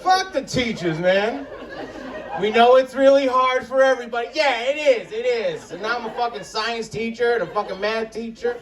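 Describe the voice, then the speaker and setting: A man with a very high, expressive voice, speaking at normal speed, works through a profane, crude stand-up routine in an outdoor festival tent. He tells his stories with exasperation, drawing audience laughter. It's recorded from a distance in the crowd amid background noise.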